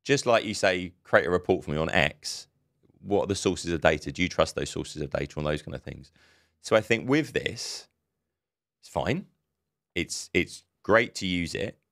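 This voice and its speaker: Man, low-pitched, quick and lively, podcast co-host. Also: vocal fry. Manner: animated, acts out quoted dialogue. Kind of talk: casual podcast discussion.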